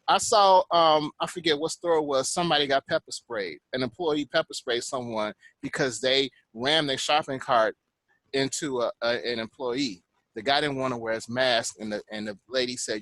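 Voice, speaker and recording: A man's voice: a little high, expressive, moderate pace, fairly bright tone, no echo, poor audio. A man talking in a casual group podcast chat, venting with frustration and rising emphasis. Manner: exasperated ranting.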